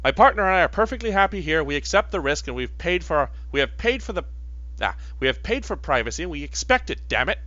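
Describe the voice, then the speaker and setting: A man voicing a grumpy male android who refuses to leave his room, speaking loudly and defensively. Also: a little high, sing-song, dry recording, muffled recording, voice pushed up. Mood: irritated. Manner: loud, defensive, hurried.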